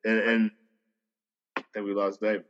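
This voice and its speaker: A man in a casual chat over a video call, talking in a measured, reflective way with many fillers. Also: on the low side, completely flat delivery, a bit bright, muffled recording.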